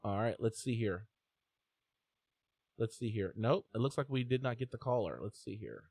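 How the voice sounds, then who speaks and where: A man hosting a live sports call-in show, talking in an energetic, chatty way with many fillers and restarts. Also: fairly low pitch, moderate pace, gravelly, breathy edge, no echo, studio quality. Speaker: host.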